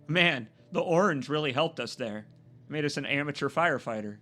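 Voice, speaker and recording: A young male streamer gives live gameplay commentary with a bright, forward voice. He jokes and reacts excitably, switching between talking to viewers and talking back at the game. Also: a little high, normal speed. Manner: jokey, excitable, talks to chat and to the game. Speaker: gaming streamer.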